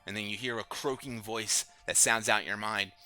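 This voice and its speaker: A man with a very bright, forward voice narrates a tabletop game as dungeon master. He describes rooms and treasure at an easy pace, slipping in fillers as he goes, with faint music playing underneath. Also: on the low side, steady tone, normal speed. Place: home streaming setup.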